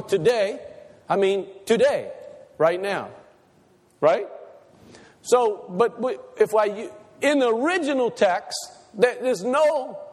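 A man preaching a sermon to a congregation, asking them questions and repeating his points for emphasis. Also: sits high. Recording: reverberant church hall.

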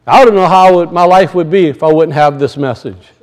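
High-voiced animated male preacher. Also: brisk, low-quality recording. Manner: animated preaching, rises and drops in pitch, acts out quoted voices; repeats and restarts phrases for emphasis. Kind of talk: sermon.

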